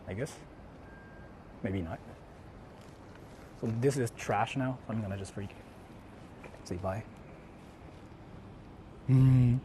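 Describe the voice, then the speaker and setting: Recorded on a handheld mic as he walks outdoors in a city at night, a male streamer chats casually in loud, profane, mocking bursts, alternating English and Japanese. His medium-pitched voice moves slowly with long pauses, over a little hiss or hum.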